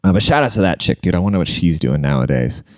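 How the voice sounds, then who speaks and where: A man's voice: low-pitched, expressive, fast talker, darkish tone, no echo, clean studio sound. A man hosting his own podcast, telling crude comedic stories in a rambling, casual way full of "like" fillers. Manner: rambling and crude, heavy use of "like".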